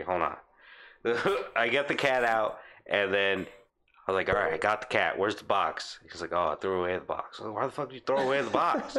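Lowish-voiced man swearing through a story. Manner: animated, laughing often, swearing, acts out quotes. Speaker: storyteller in a casual chat. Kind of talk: casual chat, telling an anecdote.

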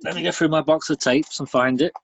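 A man co-hosting a comedy podcast, telling jokes in a deadpan way. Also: a little high, fast, creaky, slight background noise, rough recording. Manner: deadpan comic delivery. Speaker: podcast co-host. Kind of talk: jokey banter.

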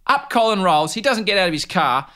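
A man's voice: high voice, a little fast. An Australian man with an Australian accent, telling stories animatedly with slang and laughter in a casual interview. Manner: animated, laughing storyteller, rough Aussie slang. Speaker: sports commentator and podcast host.

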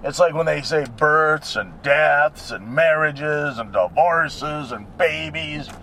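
A man's voice: on the high side, takes it slowly, sharp tone. A middle-aged man rambling and cracking crude jokes as he talks to the camera while driving his car. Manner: joking, crude, wanders off topic. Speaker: vlogger. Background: faint road noise.

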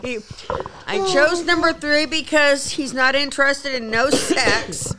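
A woman's voice: high-pitched, unhurried, sharp tone. A middle-aged woman bluntly rambling through her picks on a comedy dating show, laughing often. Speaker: contestant mom on a prank dating show. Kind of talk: casual banter.

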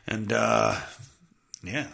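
A man's voice: lowish voice, fairly even intonation, very slow, gravelly, bright, forceful tone, roomy sound. A male podcast host reading news stories aloud and mocking them with sarcastic, profane commentary. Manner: sarcastic, swears often, mocks the stories he reads.

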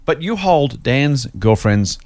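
A man's voice: mid-range voice, slow, dry recording. A man hosting a casual finance podcast, joking and reading listener mail aloud. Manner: jokey, animated, reads listener mail aloud. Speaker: podcast host.

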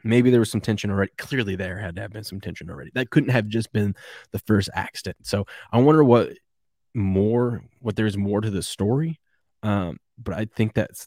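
Guy hosting a chill morning sports stream, lowish voice, dry close sound, rambles and chuckles. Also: a little mellow, no echo. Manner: rambling, chuckling, reads viewer comments. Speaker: sports show host. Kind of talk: casual live sports chat.

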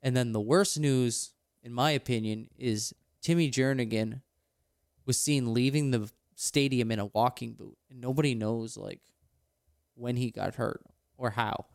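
A man's voice: medium pitch, gravelly, a little mellow, dry recording, clean studio sound. A man hosting a casual sports podcast, joking and running through the news in an upbeat way. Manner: jokey, upbeat, talks through news quickly. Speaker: podcast host.

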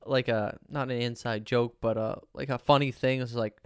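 A young man recounts band memories in a relaxed, chatty way, jumping into voices for the people he quotes. His tone is clear and resonant, recorded close and dry with no room sound. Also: mid-range voice, moderate pace, no echo. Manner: animated storyteller, acts out quotes. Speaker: band member. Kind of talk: casual storytelling chat.

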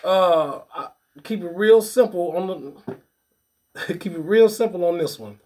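Man, husky, high voice, laughs a lot, storytelling. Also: unhurried, a little mellow. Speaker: podcast co-host. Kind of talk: casual banter.

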